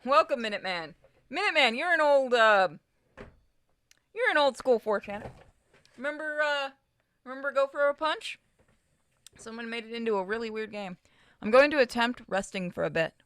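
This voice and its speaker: A woman's voice: fairly high pitch, animated, normal speed, long pauses, fairly bright tone, clean tone, dry recording. A woman streaming a game, joking and swearing as she reads its dialogue aloud. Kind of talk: live gameplay commentary.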